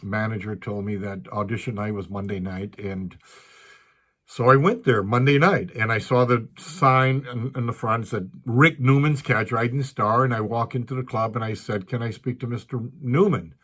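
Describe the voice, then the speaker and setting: A man's voice: medium pitch, moderate pace, fairly bright tone. An older man, a comedian, telling stories of his past to a live audience in a chatty way, acting out the voices of the people he quotes. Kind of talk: storytelling talk to a live audience. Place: library event room.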